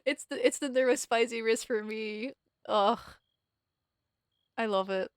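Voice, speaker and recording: A young woman streaming a story game, chatting and reacting out loud, often breaking off mid-sentence. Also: a little high, measured pace, clean tone, dry recording, studio quality. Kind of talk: live-stream game commentary.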